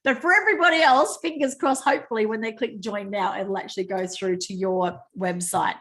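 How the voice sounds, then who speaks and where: Australian woman, call host, chatty, laughs off her own mistakes, mid-pitch voice. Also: fairly quick, fairly bright tone. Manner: chatty, self-mocking, exclaims over slips. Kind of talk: screen-share training call. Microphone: video call.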